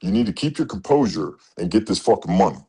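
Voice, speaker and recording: A man's voice: on the low side, big pitch swings, fast, warm tone, husky. A man coaching truckers in a blunt, profane motivational talk, acting out quoted exchanges as he goes. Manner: blunt, swears a lot, acts out quoted exchanges.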